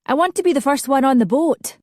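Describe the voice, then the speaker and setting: A woman voicing an eager young woman who cries out excitedly. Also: high-pitched, fairly quick, dry recording, clean studio sound, pitched above the performer's own voice.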